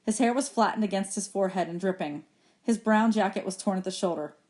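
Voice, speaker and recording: Expressive woman reading a chapter aloud. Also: fast talker. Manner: expressive reading that voices characters in raised pitch. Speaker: teacher reading aloud to students.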